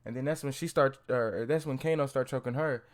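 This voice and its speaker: A man's voice: mid-range voice, brisk. A young man giving a casual, profane movie review, rambling with lots of slang, fillers and restarts.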